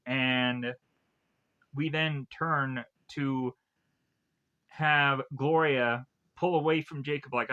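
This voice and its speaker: A man's voice: mid-range voice, sharp tone, muffled recording. A man casually retelling a film's plot in a rambling way, full of fillers and restarts. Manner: rambling, filler-heavy retelling with quick acted quotes. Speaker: film reviewer.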